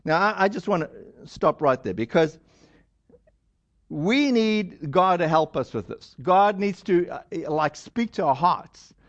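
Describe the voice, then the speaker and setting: High-voiced preacher on dull lo-fi audio. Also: male voice, animated, a little slow. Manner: casual storyteller, acts out quoted lines. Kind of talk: conversational sermon.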